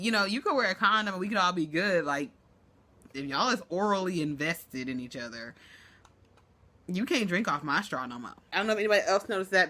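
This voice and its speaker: Sassy, bright-voiced woman recapping. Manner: sassy, sarcastic, rapid asides with big pitch jumps. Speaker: reality show recapper. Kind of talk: casual commentary vlog.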